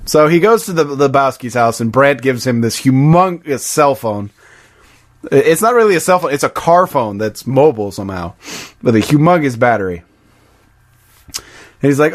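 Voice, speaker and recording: A man's voice: medium pitch, normal speed. A man co-hosting a casual podcast, recapping film scenes and mimicking the characters' lines. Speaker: podcast co-host.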